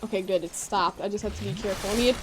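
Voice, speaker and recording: Her medium-pitched voice comes rapid-fire over a slight hiss or hum as this young woman, with a Midwestern American accent, games on a live stream. She reads chat messages aloud and reacts excitably.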